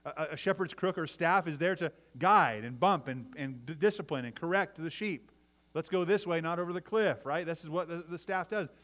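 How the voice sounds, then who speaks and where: Slightly fast, with a fairly high, bright voice, a middle-aged man delivers a sermon as if chatting, frequently restarting lines and tossing "right?" to his congregation.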